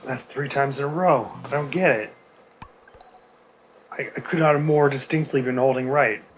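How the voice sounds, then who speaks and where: Man, mid-pitch, grumbling let's-play host who mocks himself, faint game music behind. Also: moderate pace. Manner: rambling, self-mocking, exasperated grumbling. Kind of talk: casual gameplay commentary.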